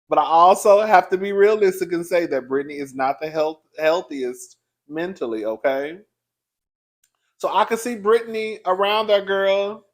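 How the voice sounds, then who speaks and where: A man giving sassy, chatty celebrity gossip commentary, laughing often and calling the listener "girl". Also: sits high.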